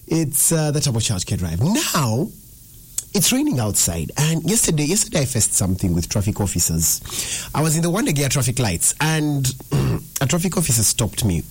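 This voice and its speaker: A young man hosts a radio drive show from the studio. His voice is a little husky, and he talks in an animated, storytelling way with lively rises and falls. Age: young adult. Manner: chatty storytelling, animated pitch swings. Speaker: radio drive-time host. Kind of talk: casual radio talk.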